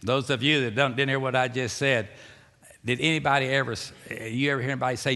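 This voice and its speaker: A man preaching a sermon, dropping to a hushed, slow voice and rising to loud, excited calls. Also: mid-range voice. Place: church sanctuary. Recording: long reverb of a church hall.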